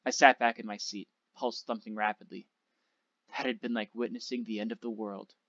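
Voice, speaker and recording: A male teacher reading a novel aloud to his class, with a steady, measured storytelling delivery. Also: on the low side, no room sound. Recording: dull, dry lo-fi recording.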